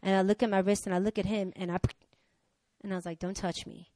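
A woman preaching a sermon who tells candid personal stories and acts out the dialogue with lively energy. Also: mid-range voice, fast talker, no room sound. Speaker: preacher, pastor's wife.

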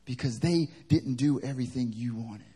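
A man's voice: mid-range voice, moderate pace, mellow, slightly rough. A man preaching a sermon at a church service. He tells stories in a conversational way that builds to fervent preaching.

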